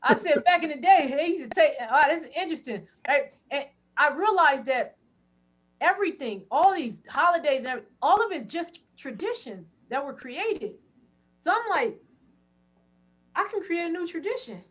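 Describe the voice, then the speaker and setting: High-voiced lively woman storyteller. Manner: loud, laughing, quick asides. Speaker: podcast guest. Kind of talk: animated storytelling.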